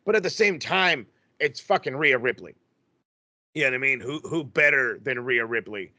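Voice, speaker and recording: A man co-hosting a wrestling podcast, talking in a rambling, profane, excitable way. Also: medium pitch, moderate pace, no echo. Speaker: podcast co-host. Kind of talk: casual chat.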